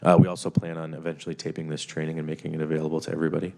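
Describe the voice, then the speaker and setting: A man with a very deep voice walks lawmakers through a basic IT training. He speaks haltingly, full of fillers and restarted phrases. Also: completely flat delivery, vocal fry, a little mellow. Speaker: IT trainer presenting to committee. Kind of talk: committee presentation.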